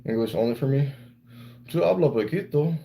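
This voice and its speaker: A man's voice: medium pitch, expressive, a little fast, gravelly, dark tone, a little hiss or hum, low-quality recording. A man live-streaming and chatting with viewers, rambling playfully and slipping into broken Spanish. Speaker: livestreamer reading chat. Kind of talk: casual live-stream chat.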